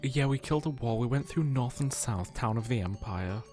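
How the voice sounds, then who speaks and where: A man's voice: mid-range voice, expressive, moderate pace, dark tone, faint music behind. A young man hosting a casual let's play, joking, sarcastic and laughing often between comments.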